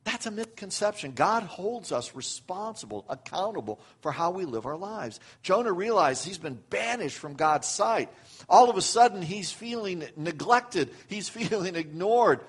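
An older male pastor delivers a sermon in a high, bright voice. He acts out quoted lines with rising force and a lively swing. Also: moderate pace, breathy edge.

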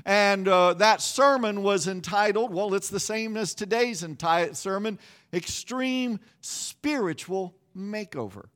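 Middle-aged man, pastor, sermon, higher-pitched voice, lively storytelling, self-mocking humor. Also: takes it slowly.

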